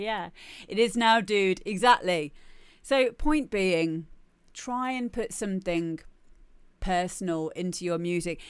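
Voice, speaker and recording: A woman's voice: medium pitch, smooth, no echo. A woman talking casually on a live stream, chatty and repeating herself as she gives feedback on music. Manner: chatty, restarts and repeats words often.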